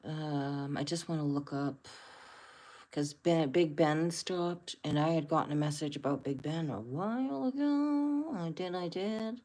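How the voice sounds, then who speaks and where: A woman's voice: sits low, a little slow, warm tone. A woman hosting a casual livestream, musing aloud and rambling with many fillers. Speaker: host.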